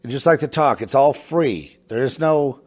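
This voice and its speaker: A middle-aged man from a home studio, rambling in a casual monologue, halting with many restarts and asides. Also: mid-range voice. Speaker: podcast host. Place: home in New Mexico.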